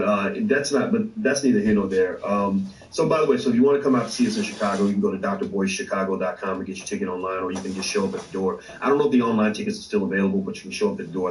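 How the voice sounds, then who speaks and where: A man with a deep voice hosts an online show as a casual livestream, talking animatedly with swearing and lots of fillers and restarts. The recording has a little hiss or hum, picked up by a distant mic in an echoey room.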